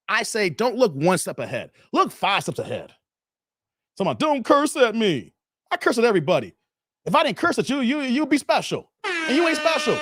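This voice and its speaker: A man's voice: dry recording, studio quality. Blunt, profane man ranting to a live chat. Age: 30s. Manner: blunt, profane, emphatic, repeats himself; swings between loud high bursts and low mutters. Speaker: live stream host.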